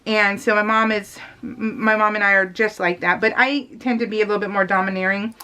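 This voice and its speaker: A middle-aged woman chatting casually in a rambling, animated way, laughing often and using lots of fillers. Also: mid-range voice, fairly quick, smooth. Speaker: scrapbooking vlogger.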